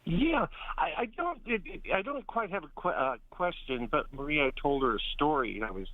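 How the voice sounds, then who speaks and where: A man's voice: fairly high pitch, very animated, dry recording. Rambling male caller on a phone line. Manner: rambling, halting storyteller. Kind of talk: telling a personal story on air. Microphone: telephone.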